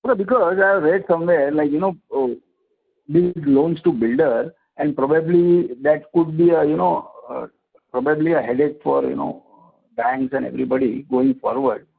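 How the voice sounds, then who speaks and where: A man asking halting, filler-heavy questions as an analyst on an earnings call. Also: a little high, vocal fry, husky. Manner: halting, many fillers and restarts. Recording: phone-like conference line.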